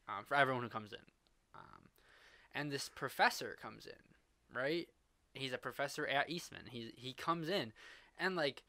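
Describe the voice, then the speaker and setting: A man co-hosting a casual podcast, telling a workplace story in an animated way and acting out the quotes. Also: mid-range voice, dry recording. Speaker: podcast co-host.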